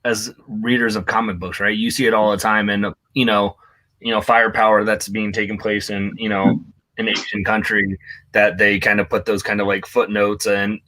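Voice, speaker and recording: A man's voice: lowish voice, little pitch movement, moderate pace, pushed and bright, no echo. A man co-hosting a casual movie discussion, opinionated and full of fillers like "like" and "you know".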